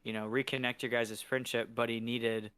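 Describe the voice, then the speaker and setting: A man's voice: medium pitch, flat delivery, normal speed, fairly bright tone, smooth, no room sound. A man playing in a tabletop game, chatting in a joking, easygoing way. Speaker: player. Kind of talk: casual tabletop game chat.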